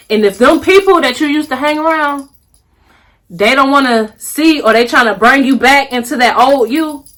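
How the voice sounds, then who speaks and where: In a fairly high, somewhat bright voice, the young woman addresses her viewers in a casual vlog monologue. Calling them honey and baby, she drawls with attitude, says things twice for emphasis, and eases her pace to underline what matters.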